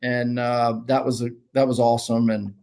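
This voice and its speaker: A middle-aged man, a former ballplayer and guest, telling rambling, animated anecdotes in casual conversation. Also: medium pitch, moderate pace, vocal fry. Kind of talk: casual storytelling.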